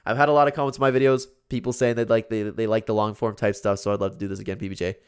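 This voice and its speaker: A man hosting a casual podcast, relaxed and laughing often, a little sleepy. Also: on the low side, very fast, clean tone. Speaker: podcast host.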